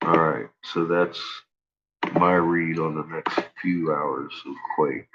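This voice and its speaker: A man's voice: rumbling low, steady tone, a little slow, fairly bright tone, lo-fi sound. A man hosting a casual livestream, ranting with lots of swearing and frequent laughter. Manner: profane, laughs often, ranting. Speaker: livestream host. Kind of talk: casual rambling livestream talk.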